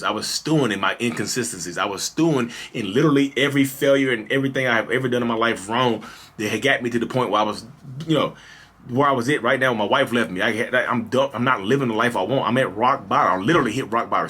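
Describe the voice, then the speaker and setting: Candid man in his thirties, sharp tone. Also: mid-range voice, husky. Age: 30s. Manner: casual and confessional, many "you know" fillers. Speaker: podcast host. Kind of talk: candid personal storytelling.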